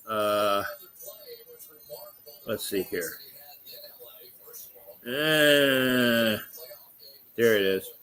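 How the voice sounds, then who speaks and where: Rambling man hosting a slow sports stream. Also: fairly low pitch, pushed and bright, poor audio. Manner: rambling, loose and profane, with many restarts. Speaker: livestream host. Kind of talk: casual sports livestream chat.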